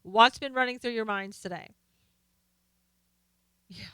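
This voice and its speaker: A middle-aged woman hosting a casual live stream, chatting with viewers and reading their comments, excitable, laughing and exclaiming often. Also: a little high, unhurried, clear, resonant tone, dry recording.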